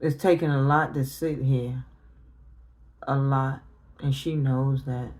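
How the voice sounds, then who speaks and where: A woman's voice: rumbling low, fairly even intonation, takes it slowly, pauses often, a little mellow. A middle-aged woman tarot reader talking on a livestream, grieving and confronting her family directly in casual, emotional speech.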